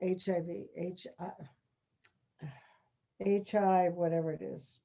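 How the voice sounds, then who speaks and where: A woman's voice: lowish voice, level tone, takes it slowly, creaky, mellow. A woman acting teacher coaching an online class over a video call, giving directions and teasing students. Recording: muffled video call audio.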